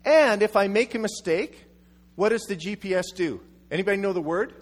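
A male pastor preaching with a lively, high voice that climbs and drops as he acts out his story. His words carry a long reverberation from a church hall. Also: brisk. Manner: animated storytelling with acted-out quotes. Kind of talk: sermon. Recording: echoey hall.

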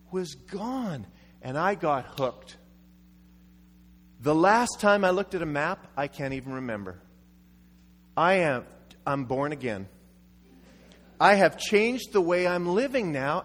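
Animated male preacher in a hall. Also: high-pitched. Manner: animated storytelling with acted-out quotes. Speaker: pastor. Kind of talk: sermon. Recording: echoey hall.

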